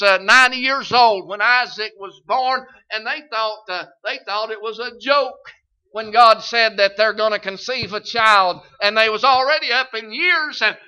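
A man's voice: very high voice, bright, forceful tone, smooth, muffled recording. A man preaching a sermon in a folksy, conversational way that swells into emphatic lines.

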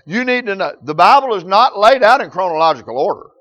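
A man's voice: high voice, animated, fast, fairly bright tone. A man preaching a sermon, telling folksy stories in rural grammar.

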